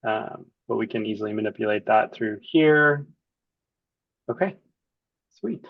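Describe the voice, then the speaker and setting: A man acting as the client, casually walking through a software demo and thinking aloud as he clicks around. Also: on the low side, measured pace, gravelly, no room sound, highs cut off.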